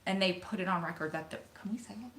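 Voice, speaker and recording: A woman vlogger telling a story to her viewers in an excited, emotional, rushing way. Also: lowish voice. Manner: excited, emotional, talks fast in bursts. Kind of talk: casual storytelling to camera. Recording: echoey room.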